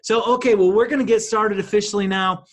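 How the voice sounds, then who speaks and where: High-voiced man hosting an online event. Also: steady tone, fast talker. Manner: enthusiastic, then emotional during tribute. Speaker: host. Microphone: video call.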